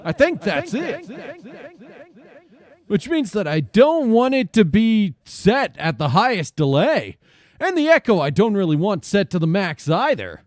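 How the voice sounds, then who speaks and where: Lively high-voiced man streaming. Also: no room sound, studio quality. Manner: chatty, swears freely, animated complaints. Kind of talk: casual live-stream chat.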